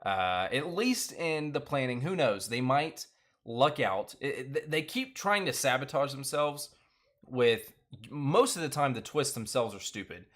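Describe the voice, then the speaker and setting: A man's voice: medium pitch, expressive, unhurried, fairly bright tone. Rambling man chatting on a live stream. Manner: rambling, many fillers and restarts, laughs often. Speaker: show recap host. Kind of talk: casual live-stream chat.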